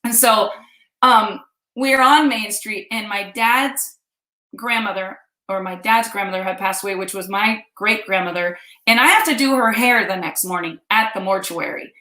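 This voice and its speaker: A woman's voice: mid-range voice, moderate pace, bright, forceful tone. A woman in her fifties from Kansas, chatting animatedly as she tells her viewers a personal story. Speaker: vlog host. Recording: roomy echo.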